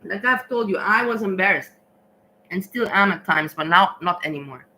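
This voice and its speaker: Woman vlogger, tired and rambling, bright, forceful tone. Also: mid-range voice, lively intonation, rough recording. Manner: rambling, halting, many restarts and fillers. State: tired, slow thinking. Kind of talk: casual rambling vlog chat.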